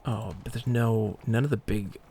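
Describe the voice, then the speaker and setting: Gravelly man muttering through a game. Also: on the low side, steady tone, normal speed, warm tone, a little hiss or hum. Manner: mutters to himself, reads item text aloud. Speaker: streamer. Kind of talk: live gameplay commentary.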